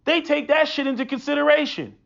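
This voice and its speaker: High-voiced man ranting, lo-fi. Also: a little fast, gravelly, fairly bright tone. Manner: preachy, swears often, stammers into repeated restarts. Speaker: podcast host. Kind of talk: profane opinion monologue. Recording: dull lo-fi sound.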